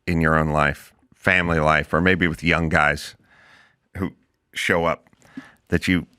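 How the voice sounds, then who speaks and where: This middle-aged talk show host has a very deep, clear, resonant voice and speaks at a measured pace. In casual interview chat, he tells animated stories and imitates people's quotes in mocking voices, as a podcast host.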